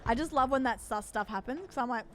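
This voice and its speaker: A woman's voice: fairly high pitch, quick pace. A woman streamer chatting casually and jumpily with her viewers while she plays a game. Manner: chatty, jumpy, talks to chat while playing. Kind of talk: casual live-stream chat while gaming. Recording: noisy game stream audio.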